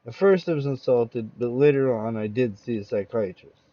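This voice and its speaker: A man playing a nervous, secretive man with a split personality, who speaks in a shaky, halting, confessional way. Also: medium pitch, lively intonation, dark tone, no echo, lo-fi sound, lightly acted. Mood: tense confession.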